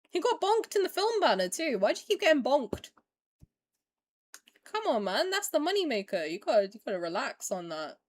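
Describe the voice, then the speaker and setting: A young woman doing a casual live reaction at her desk mic, her high voice leaping all over the place. She is excitable, loud and swears freely, and faint trailer music plays behind her. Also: moderate pace. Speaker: streamer reacting to a game trailer. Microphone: desk mic while seated at a computer.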